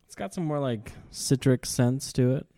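Mellow-toned man, dry close sound. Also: medium pitch, normal speed, vocal fry, no echo. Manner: easygoing, laughs often. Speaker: podcast co-host. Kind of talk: casual whiskey tasting chat.

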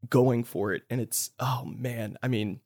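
A man hosting a casual movie review podcast, talking in animated bursts with swearing and quick asides. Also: medium pitch. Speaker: podcast host.

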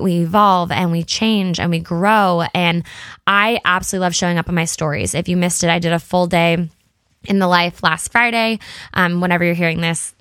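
A woman in her thirties talks to her listeners in a chatty, candid way, full of fillers and little quoted asides. Her voice sits a bit low for a woman. The recording is dry and close, with no room sound. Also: a bit bright, no room sound. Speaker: podcast host and blogger. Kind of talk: casual solo chat.

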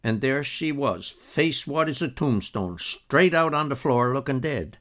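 A man's voice: medium pitch, lively intonation, unhurried, a bit bright, pitched above the performer's own voice. A man voicing an old male storyteller with a Newfoundland accent, telling a tale in folksy dialect. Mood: excited yarn.

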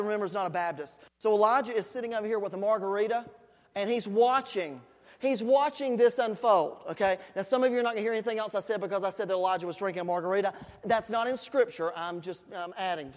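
Animated preacher in an echoey hall. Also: mid-range voice. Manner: animated, swinging between loud shouts and quiet asides; playful, joking storytelling. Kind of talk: sermon.

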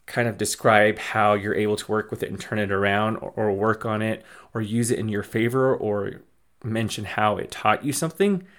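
A man's voice: on the low side, normal speed, fairly bright tone. A young man hosting a podcast, giving casual, encouraging life advice with many fillers and restarts. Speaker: podcast host. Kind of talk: casual motivational talk.

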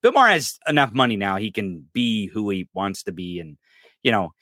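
A man with a lowish voice hosts a political podcast at a normal speed, with no room sound and studio quality audio. His rant is casual and profane, rambling and animated, and he laughs and stumbles often.

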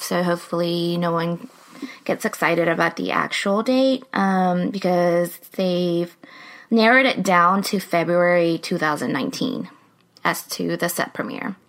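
A young woman co-hosts a relaxed podcast. She chats loosely and giggles easily, with plenty of ums. Her voice runs with a gravelly fry. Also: lowish voice. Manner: chatty, filler-heavy, giggly. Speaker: podcast co-host. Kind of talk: casual podcast chat.

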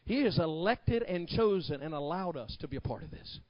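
Male pastor, high-pitched and dramatic, preaching a sermon with shouted peaks and quiet story passages, dry lo-fi recording. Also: animated, normal speed, dry recording. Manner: preaching with shouted climaxes, then hushed storytelling.

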